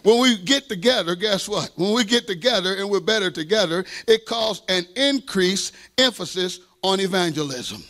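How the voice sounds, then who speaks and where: A man's voice: high-pitched, animated, moderate pace, few pauses, a bit bright. A man pastor preaching a sermon with fervent delivery, call-and-response asides and playful self-deprecating humor.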